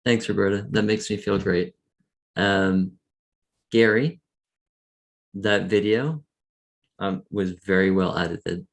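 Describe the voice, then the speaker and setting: A man's voice: low voice, steady tone, slow pace, vocal fry, pauses often. A man in an online group speaking appreciatively, with some hesitation. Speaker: discussion group participant. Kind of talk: casual group chat.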